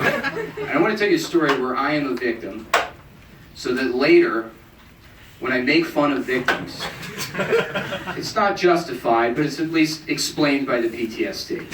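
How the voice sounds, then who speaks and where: A young man tells a stand-up story in a flat, deadpan way, pitching his voice up when he quotes others. He sounds far from the mic in a roomy club. The bootleg tape carries plenty of hiss and hum. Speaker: stand-up comedian. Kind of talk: stand-up set. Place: comedy club stage. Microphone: handheld stage mic, taped from the audience. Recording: roomy bootleg taped from the crowd. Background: crowd laughter.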